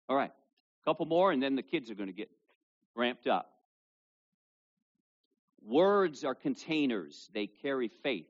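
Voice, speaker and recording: A male pastor preaching a sermon to a congregation with kids present, reading scripture loudly and dropping low for asides. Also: dull audio. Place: church service with children present.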